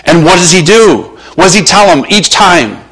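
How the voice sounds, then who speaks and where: A male pastor preaching a sermon with passion, moving between loud urging and hushed, quiet passages, his voice a little strained. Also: sits high, lively intonation, moderate pace, husky, poor audio.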